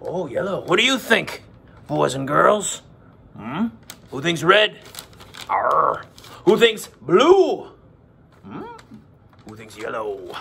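A man's voice: a little high, very animated, slow pace, vocal fry, long pauses, bright, forceful tone, slight background noise, full character voice. A man in his forties putting on the voice of a jolly, playful pirate for a children's lesson, with growly "arr"s between his jokes. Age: 40s.

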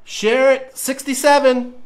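A man's voice: extremely high pitch, level tone, slow. A man hosting a casual livestream, joking nervously and stalling as he reads a label aloud. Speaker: podcast host doing a livestream. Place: home studio.

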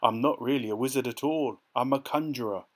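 An old wizard from a storybook, grand and then apologetic, as a male narrator puts him on. The voice sits in a middle pitch. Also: brisk, natural voice.

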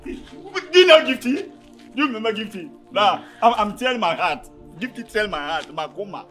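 A heartbroken young lover with a Ghanaian accent, as an actor plays him, wailing and pleading in a very high, swooping voice. His tone is bright and strained, and faint music plays underneath. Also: very animated, normal speed. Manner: wailing, pleading, crying out dramatically. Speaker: actor in a comedy film. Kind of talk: Ghanaian film acting.

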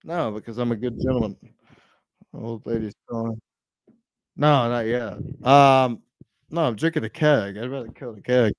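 A man talking as a podcast guest in brash, profane, rambling casual chat, swinging between loud outbursts and low mutters. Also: normal speed, pauses often, dry recording.

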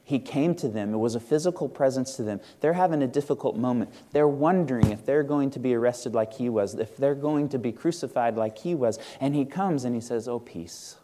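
A man's voice: medium pitch, brisk, few pauses, warm tone, a little hiss or hum. A male pastor preaching a sermon in a church, earnest and conversational, asking the congregation questions. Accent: Midwestern American. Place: church sanctuary.

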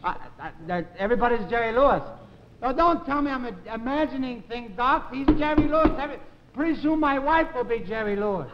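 A man performing in a 1950s TV comedy sketch, talking in a frantic, pleading way that swings from mutters to shouts. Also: very high voice, animated, a little fast. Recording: lo-fi 1950s TV recording with hiss.

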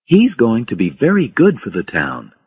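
A man reading a storybook, voicing a brisk, practical mother in a raised voice. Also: medium pitch, huge pitch swings, husky, no room sound, clean studio sound, pitched above the performer's own voice, exaggerated voice. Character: busy practical mother, woman in her thirties.

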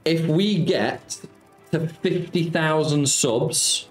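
A man's voice: on the high side, drawn-out words. Chatty man streaming in a roomy space. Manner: chatty, reads out and answers viewer comments. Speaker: slots streamer. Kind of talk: casual live-stream chat with viewers. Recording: roomy sound with faint music.

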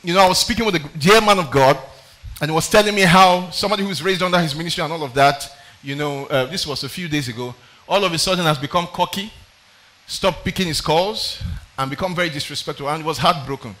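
A man's voice: a little high, fast, bright, forceful tone. A man preaching a sermon, reading scripture aloud with dramatic emphasis and calling out for the next verse. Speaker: pastor.

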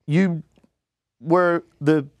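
A man, a podcast guest, telling a story casually and acting out the people he quotes in a higher voice. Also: fairly even intonation, extremely slow, darkish tone, dry recording. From United States.

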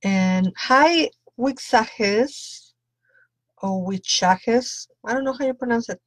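A woman's voice: a little high, animated, moderate pace, fairly bright tone, no echo. A woman tarot reader doing a chatty live-stream reading, greeting viewers by name and laughing often.

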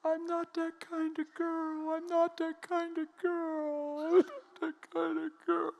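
A man preacher voicing an ashamed, crying woman in her fifties, high and trembling. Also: completely flat delivery, slow, gravelly, a little mellow, exaggerated voice. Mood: pleading.

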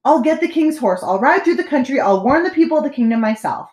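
A woman's voice: high-pitched, expressive, fast talker, a little mellow, pitched above the performer's own voice. A woman voicing an earnest, brave young boy page in a storybook, talking urgently. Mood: determined. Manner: urgent, pleading. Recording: echoey room.

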